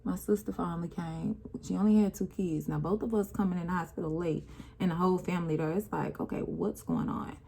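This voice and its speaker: A woman's voice: fairly low pitch, steady tone, brisk, vocal fry, warm tone, a little hiss or hum. A young woman talking through an emotional personal story while doing her makeup, with a casual, rambling, conversational delivery and speech. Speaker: vlogger.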